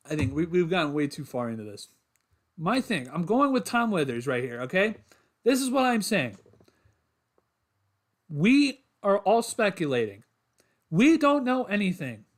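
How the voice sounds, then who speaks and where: A man's voice: fairly high pitch, big pitch swings, moderate pace, long pauses. A man hosting a solo sports podcast livestream, talking to his chat in a frustrated, repetitive rant.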